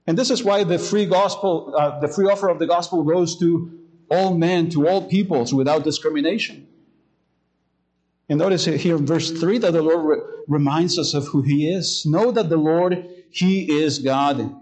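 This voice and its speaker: Man preaching a sermon, somewhat high voice. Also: steady tone, darkish tone, poor audio. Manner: hesitant, many fillers in the anecdote, slowing to read scripture. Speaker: pastor.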